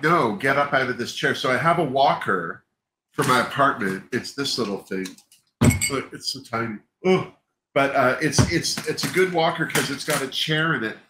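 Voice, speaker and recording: A man's voice: mid-range voice, pushed and bright. A man hosting a livestream, chatting candidly and openly emotional, often stopping and restarting his sentences. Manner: rambling, self-interrupting, openly emotional. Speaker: livestream host. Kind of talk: casual candid chat. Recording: echoey room, faint background noise.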